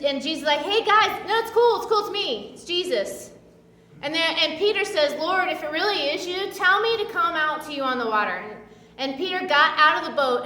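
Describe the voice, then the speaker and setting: A woman's voice: sits high, bright, forceful tone, echoey room, in a large hall, distant mic. A woman preaching a casual sermon in a chatty, filler-heavy way, acting out the voices she quotes. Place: church.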